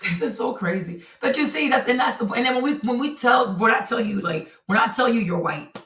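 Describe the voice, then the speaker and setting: Woman streamer, heated live-stream rant, bright voice a little off-mic in an echoey room. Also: a little high, lively intonation, brisk, recorded from a distance. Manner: indignant, repetitive rhetorical questions.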